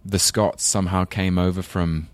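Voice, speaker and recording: A man with a low voice and an English London accent muses at length, stopping and restarting his sentences. He laughs easily and pokes fun at himself. The sound is dry and close. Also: little pitch movement, normal speed, no room sound. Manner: thoughtful, rambling, self-deprecating, laughs often. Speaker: actor guest. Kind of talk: casual interview chat.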